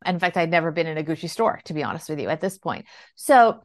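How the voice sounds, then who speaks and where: A woman guest on a podcast, a financial planner telling parenting stories in a conversational, animated way and acting out the dialogue. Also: sits low, fast talker. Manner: animated, acts out quoted dialogue. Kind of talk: conversational storytelling. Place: lives in New York City.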